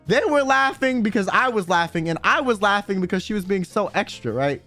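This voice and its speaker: High-voiced young man telling stories. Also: fairly quick, faint music behind. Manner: animated, laughing, swears a lot, says bro. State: sore throat. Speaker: streamer. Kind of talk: casual storytelling chat.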